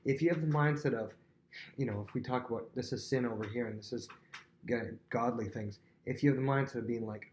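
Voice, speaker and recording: A young man teaches the Bible in a casual, talkative style, speaking fairly quickly at a medium pitch. Fillers and restarts run through it, and he acts out exchanges using animated voices.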